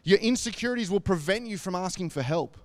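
A man's voice: high-pitched, expressive, quick pace, no room sound. A man giving an earnest devotional talk, retelling a scripture story in a chatty way with many asides. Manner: earnest and conversational, with lots of "like" and asides.

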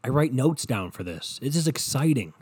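A young man talks straight into his podcast mic from his bedroom, rambling, cursing and working himself up into passionate rants. His voice is dark and mellow, recorded close and dry with no room sound. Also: mid-range voice, very animated, normal speed, slightly rough, no room sound. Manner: rambling, profane, impassioned. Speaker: podcast host. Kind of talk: solo podcast monologue. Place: bedroom at home.

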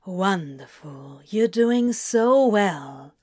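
A woman voicing a sly, flirtatious male optician who murmurs slowly in a gravelly, hushed near-whisper. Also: fairly low pitch, no echo, clean studio sound, pitched below the performer's own voice. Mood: low teasing. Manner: slow, soft murmuring.

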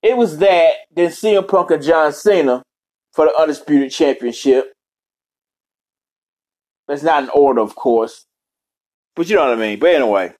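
A man's voice: a little high, normal speed, long pauses, darkish tone. A man ranting casually as a vlogger, swearing heavily and rambling off on tangents. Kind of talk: casual rant.

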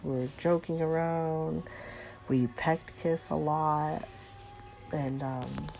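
Woman vlogger, gravelly and mellow, unhurried confiding storytime chat, soft music behind. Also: rumbling low. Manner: chatty, confiding, addresses viewers as guys. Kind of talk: casual storytime confession.

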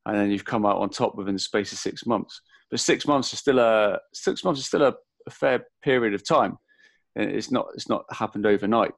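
A man's voice: fairly low pitch, gravelly, dry recording. A man with an English accent, hosting a podcast interview, talking in a rambling way and restarting his sentences often. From England. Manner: rambling, halting, with many fillers and restarts. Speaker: podcast host. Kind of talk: casual interview chat.

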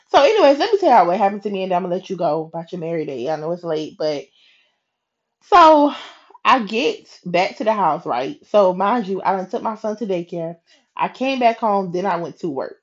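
Woman host, conversational devotional storyteller, lively and chatty, mid-range voice, slightly muffled recording. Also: medium pitch. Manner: animated and chatty, slips into quoted voices, laughs. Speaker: podcast host. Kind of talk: casual faith storytelling monologue.

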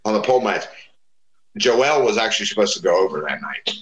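A man's voice: lowish voice, animated, brisk, reverberant, highs cut off. A man casually telling profane wrestling stories, acting out the voices of people he quotes. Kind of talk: casual storytelling chat.

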